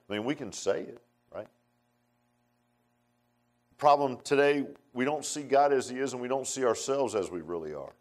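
A man preaching a sermon in a folksy, conversational way, swinging between emphatic outbursts and hushed asides. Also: medium pitch, lively intonation, moderate pace, long pauses.

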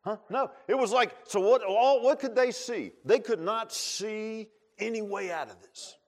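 A man's voice: sits high, unhurried. A man preaching a sermon in a folksy, conversational way, with restarts and asides to the congregation.

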